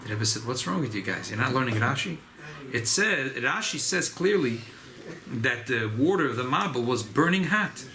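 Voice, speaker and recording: A man teaching an informal Torah class as a rabbi, animated and emphatic. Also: moderate pace, crowd noise. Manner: animated, rising pitch on emphasis, Yiddish and Hebrew terms mixed in.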